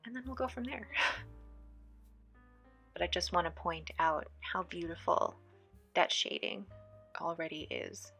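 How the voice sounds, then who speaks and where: A woman's voice: fairly low pitch, sharp tone. A woman born in the Philippines chatting enthusiastically while swatching fountain pen inks, often dropping to a near whisper. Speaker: stationery vlogger. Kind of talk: casual ink swatching chat.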